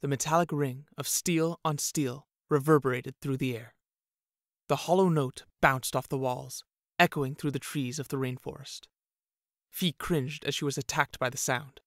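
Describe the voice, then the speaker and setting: A man narrating a fantasy audiobook in a steady, even storytelling manner. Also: on the high side, moderate pace, dry recording, studio quality.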